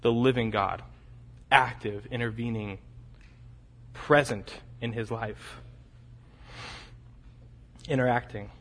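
A man preaching an expository sermon. He repeats key phrases for emphasis and swings between loud, urgent peaks and quiet, low drops. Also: steady tone, slow, pauses often, in a large hall, slight background noise.

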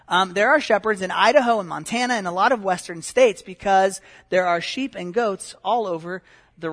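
A man's voice: sits high, fairly bright tone. A middle-aged man giving a conversational sermon as a pastor, with many fillers and restarts.

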